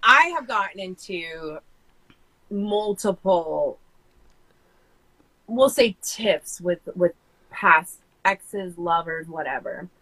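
American woman, podcast guest; bright, frank, rambling chatter. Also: fairly low pitch, animated, takes it slowly, pauses often, low-quality recording. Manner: rambling, frank, many fillers and restarts. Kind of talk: casual chat.

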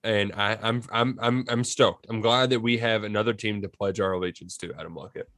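A man co-hosting a casual college football podcast, talking in animated, excitable bursts. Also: lowish voice, brisk, no room sound, clean studio sound. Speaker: podcast co-host. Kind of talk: casual sports chat.

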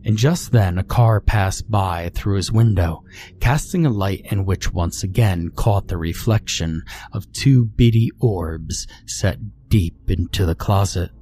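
A man narrating a scripted horror story in a slow, measured, brooding way. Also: sits low, mellow.

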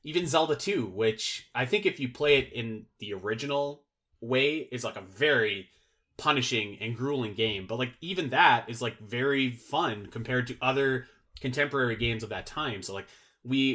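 A man's voice: medium pitch, animated, moderate pace, sharp tone. A man chatting casually as a podcast guest, rambling and filling his sentences with "like" and restarts. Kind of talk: casual chat.

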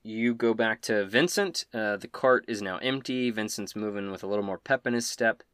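A man's voice: lowish voice, normal speed, a bit bright, clear, resonant tone, dry recording, studio quality. A man narrating a tabletop game as game master, casual and full of fillers.

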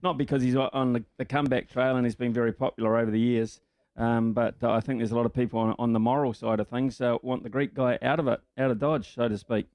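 A man's voice: mid-range voice, steady tone, fast talker, a little mellow, no room sound. A man, a radio sports host talking casually with many hesitant fillers. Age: 60s.

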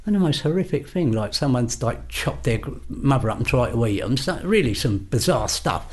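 A man's voice: medium pitch, a little fast. Older London man telling stories. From England. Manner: animated, acts out quoted voices. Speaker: podcast guest. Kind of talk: storytelling in casual chat.

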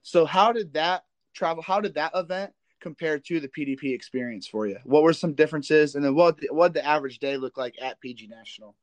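Rambling Midwestern podcast host. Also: male voice, a little high, a little fast, few pauses, dry recording. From American Midwest. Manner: rambling, repeats words while asking questions. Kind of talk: casual interview questions.

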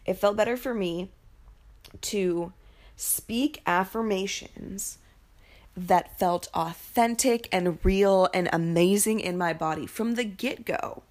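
A woman's voice: mid-range voice, darkish tone. A young woman hosting a podcast from her apartment, talking casually about morning affirmations, full of fillers and swearing. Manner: chatty, swears freely, frequent fillers. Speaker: podcast host. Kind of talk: casual spiritual podcast monologue.

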